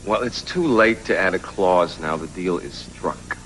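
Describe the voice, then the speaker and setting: An actor playing a sardonic, mocking business partner in a 1980s soap opera. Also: male voice, sits low, a little slow, a bit bright, a little hiss or hum, poor audio.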